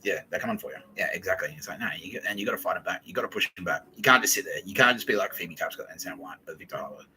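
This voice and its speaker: A man's voice: low voice, racing, bright, forceful tone, a little hiss or hum, rough recording. A man hosting a podcast, rambling in a casual, profane monologue and laughing often. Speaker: podcast host.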